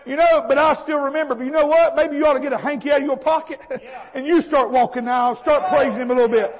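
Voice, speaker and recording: A man preaches with a very high voice, folksy and fervent, often breaking into shouts. The recording sounds dull and lo-fi. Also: fairly even intonation, fast talker. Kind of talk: fiery sermon.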